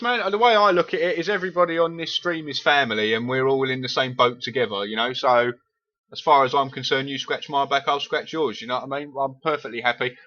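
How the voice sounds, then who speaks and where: A man's voice: mid-range voice, bright, forceful tone, muffled recording. A man from East London with a Cockney accent, chatting casually and swearing freely with viewers while streaming a game. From England.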